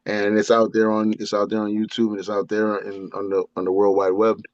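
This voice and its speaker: Animated man telling stories, dull dry sound. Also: on the low side, fairly quick, dry recording. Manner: animated, breaks into impressions. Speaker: guest. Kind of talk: casual storytelling.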